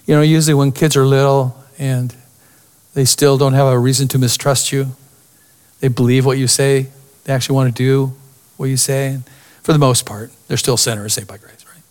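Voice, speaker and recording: A man preaching a sermon as pastor, expressive, dropping to a near-whisper for emphasis. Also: medium pitch, normal speed.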